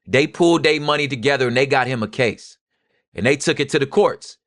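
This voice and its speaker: A young adult man gives animated, casual history commentary. His talk jumps from low murmured asides to loud, heated bursts. The recording is dry and close, with no room sound. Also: a little fast, dry recording. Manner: animated, swings from quiet asides to loud street-talk outbursts. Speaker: podcast co-host.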